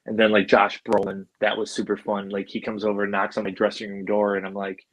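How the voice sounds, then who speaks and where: Speaking in a monotone and a little fast, a middle-aged Buffalo, New York man who handles animals swaps stories on a podcast. He's rambly and informal, leaning on "like" and "you know" and swearing freely. His fairly low voice sounds dry and close, with no echo and poor audio quality.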